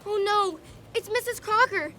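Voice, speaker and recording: A woman's voice: extremely high pitch, moderate pace, noisy background. A woman voicing a sensible, worried young girl who looks after her little brother in an audio drama. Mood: urgent. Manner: worried, urgent. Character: anxious, sensible older sister, a young girl.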